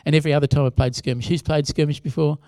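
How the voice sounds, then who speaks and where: Aussie pastor guy preaching, chatty, talks to the room, fairly high voice, dry close sound. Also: steady tone, rapid-fire, warm tone, dry recording. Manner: conversational preaching with asides to the congregation. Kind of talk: sermon.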